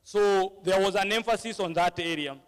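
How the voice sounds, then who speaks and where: High-voiced man in a reverberant hall. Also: moderate pace, smooth. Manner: mixes English with Swahili, frequent fillers and tag questions. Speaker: panel moderator at a church alumni service. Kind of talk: moderating a church panel discussion.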